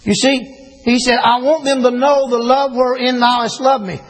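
An older preacher with a strikingly high, husky voice. He moves between homely family stories and emphatic declarations, drawing out key phrases as he preaches. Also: fairly even intonation, moderate pace, low-quality recording. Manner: folksy storytelling, rising to emphatic preaching. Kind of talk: sermon.

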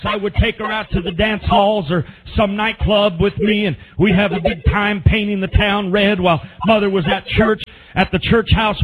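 A man preaching an old-time revival sermon with fervent, drawn-out emphasis and repeated amens. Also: high-pitched, slight background noise. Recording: tinny phone-like recording.

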